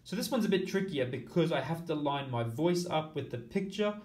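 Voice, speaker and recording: A man's voice: on the high side, animated, brisk, a little mellow, echoey room. A man teaching an app tutorial, explaining each step in order and counting aloud as he goes. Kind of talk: screen-recorded tutorial walkthrough.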